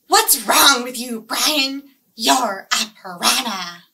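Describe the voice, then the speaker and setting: A woman voicing an angry pack of piranhas, shouting indignantly in a picture-book read-aloud. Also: a little high, lively intonation, drawn-out words, exaggerated voice.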